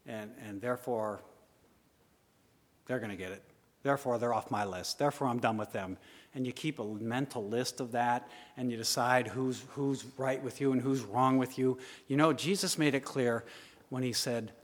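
Man preaching with big swings, reverberant hall. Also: medium pitch. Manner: animated, swings from loud urging to hushed asides. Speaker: pastor. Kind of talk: sermon.

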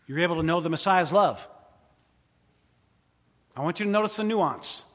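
A man preaching a sermon as pastor, dramatic, swinging from loud emphasis to hushed asides. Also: on the high side, expressive, normal speed. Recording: long hall reverb.

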